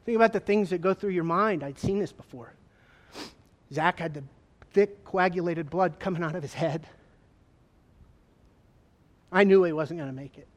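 A man, a former state trooper, gives an emotional personal testimony to an audience, telling it earnestly with halting repeats. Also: sits high. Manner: earnest, halting storytelling with repetitions. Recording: long hall reverb.

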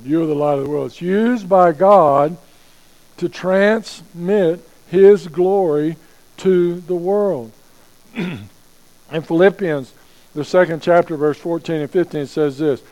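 A man preaching a sermon as pastor, slowing down to stress key phrases and asking rhetorical questions. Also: a little high, a little mellow, poor audio.

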